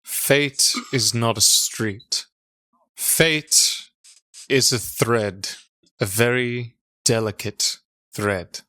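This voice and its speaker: A player voicing a solemn, cryptic male stranger in a tabletop game, speaking in slow, formal, measured phrases. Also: medium pitch, sharp tone, dry recording. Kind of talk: tabletop role-play voice acting.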